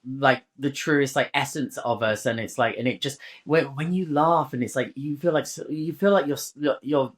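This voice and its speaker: A woman's voice: very deep voice, normal speed, hardly any pauses. A woman hosting an interview podcast, talking in a gushing, effusive way. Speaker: podcast host. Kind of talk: casual interview chat.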